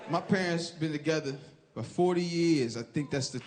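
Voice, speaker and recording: A man performing a stand-up comedy set on stage, loud and animated, jumping into high yelling voices. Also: normal speed. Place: stage in front of a live audience. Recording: loud crowd laughter and room noise.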